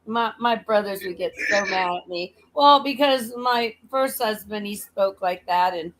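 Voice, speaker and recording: A woman's voice: medium pitch, a little slow, crowd noise, rough recording. A woman with a slight Southern accent, chatting casually on a livestream, teasing and laughing often.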